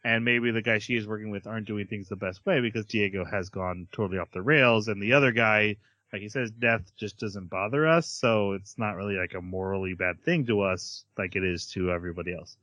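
A man co-hosting a casual podcast, recapping an anime episode with lively retellings and acted-out character lines. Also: fairly low pitch, a little fast, dry recording, muffled recording. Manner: animated retelling, acting out characters' lines, laughs often. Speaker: podcast co-host reviewing anime.

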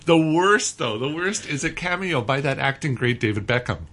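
A man's voice: medium pitch, lively intonation, moderate pace, a bit bright. Male radio film critic, blunt and dismissive, laughs between lines. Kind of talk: casual radio chat.

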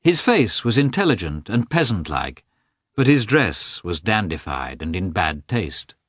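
A man narrating a classic novel with an expressive, scripted delivery. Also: deep voice, a little slow, slightly rough, no room sound, clean studio sound. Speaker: audiobook narrator.

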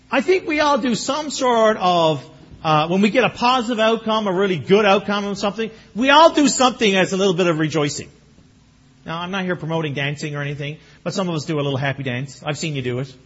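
Male pastor, middle-aged, high husky voice, animated sermon delivery, dull lo-fi recording. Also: brisk. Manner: animated, bursts into excited exclamations. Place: church sanctuary. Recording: muffled lo-fi recording.

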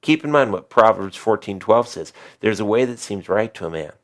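A middle-aged man delivers a sermon from the pulpit, his voice sitting a little low. He preaches with emphasis, climbing on key lines and sinking to soft, quiet asides. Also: lively intonation, moderate pace. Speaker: pastor.

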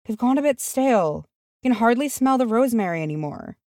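A woman reading aloud and voicing a homely male hobbit cook who mutters and speaks slowly. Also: on the high side, expressive, darkish tone, dry recording, clean studio sound, pitched above the performer's own voice, close to an everyday voice. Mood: grumbling. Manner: muttering, slow, rustic.

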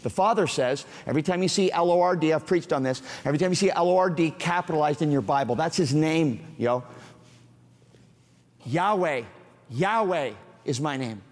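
A man's voice: on the high side, normal speed. A man preaching a sermon, emphatic and direct with the congregation, building to fervent proclamation. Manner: playful asides to the congregation. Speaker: pastor. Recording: preaching in a large reverberant hall.

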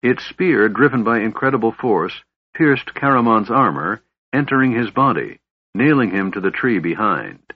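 A man narrating a fantasy novel in a measured, even storytelling voice. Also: on the low side, husky. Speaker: audiobook narrator. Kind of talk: scripted narration. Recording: slightly dull, dry recording.

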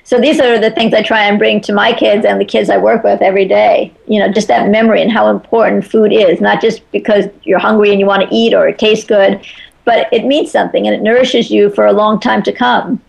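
Chatty woman with a gravelly edge. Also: medium pitch, flat delivery, fairly quick, darkish tone, low-quality recording. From Chicago. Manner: chatty, storytelling, many "like" fillers. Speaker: guest, author. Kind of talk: conversational interview.

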